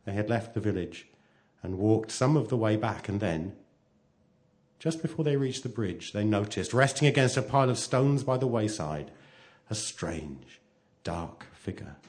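Expressive male storyteller. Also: on the low side, a little slow. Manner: expressive, swings from hushed to loud. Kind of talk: reading a story aloud.

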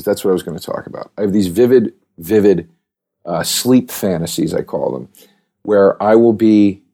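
A man's voice: fairly low pitch, warm tone. A man hosting a podcast, talking in a rambling, casual monologue full of restarts and fillers. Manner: rambling, restarts, heavy use of "like". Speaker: podcast host.

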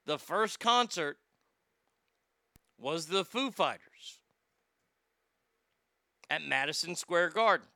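Brief: male comic host, sarcastic profane rant, bright, smooth, dry. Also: a little high, lively intonation, slow, long pauses, no echo. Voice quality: rambling, sarcastic, stammering. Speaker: comedy show host.

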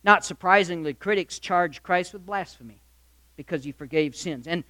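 A high-voiced man preaching with a bright, ringing tone, close and dry on the mic. He speaks straight to the congregation and throws out rhetorical questions. His delivery swings between loud, emphatic declarations and hushed asides. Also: moderate pace, no room sound. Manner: addresses listeners directly, asks rhetorical questions. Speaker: pastor. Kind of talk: sermon. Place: church or hall with live congregation.

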